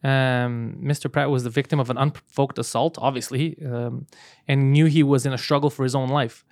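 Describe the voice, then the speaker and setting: A man's voice: medium pitch, steady tone, normal speed, a little mellow, no room sound. Laid-back man with a dry close sound. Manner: laughing, loose, swears freely. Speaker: podcast co-host. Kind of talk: casual podcast banter.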